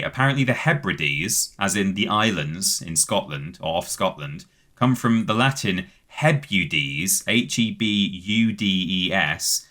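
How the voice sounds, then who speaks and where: British man, very low voice, bright forceful tone, chatty podcast co-host explaining facts, spells words out, frequent ums. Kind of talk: casual chat, reading out facts.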